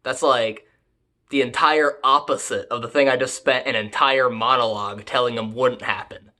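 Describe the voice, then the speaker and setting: A young adult reviewer loosely recaps an anime episode with constant swearing and filler words. The delivery is deadpan and offhand, at a middle pitch. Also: moderate pace. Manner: rambling, profane, filler-heavy, deadpan jokes.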